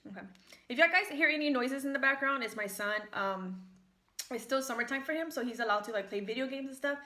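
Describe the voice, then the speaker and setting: A young American woman vlogs from her kitchen at home, eating and chatting mukbang-style while telling rambling, filler-heavy stories. Her voice sits high, brisk and sharp-toned, and the room is echoey.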